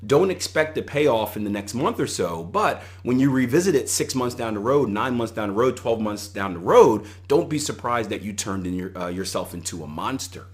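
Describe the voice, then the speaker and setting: A man's voice: lowish voice, expressive, moderate pace, few pauses. A middle-aged man hosting a solo podcast, giving conversational coaching advice and retelling anecdotes with animation. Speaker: podcast host and trading coach.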